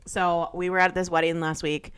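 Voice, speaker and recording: A young adult woman co-hosting a podcast, telling a story in casual chat, animated, laughing often and swearing freely. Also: on the low side, normal speed, smooth. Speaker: podcast co-host.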